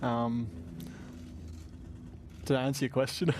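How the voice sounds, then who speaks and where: A man's voice: mid-range voice, little pitch movement, slow, a little hiss or hum. An Australian man in his twenties, a racing driver answering press conference questions in a chatty, rambling way with lots of laughter.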